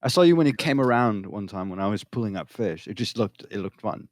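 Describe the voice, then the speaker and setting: A man playing a tabletop game, curious and chatty in character. His voice is low but swings widely in pitch, recorded dry and close. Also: lively intonation, fairly quick, dry recording. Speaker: player.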